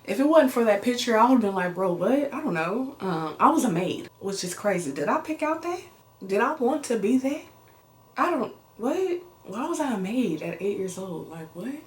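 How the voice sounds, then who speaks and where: A young American woman chatting casually in a get-to-know-me vlog, animated and slangy, laughing as she tells stories. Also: a little high, normal speed. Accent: American English. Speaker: vlogger. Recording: roomy echo.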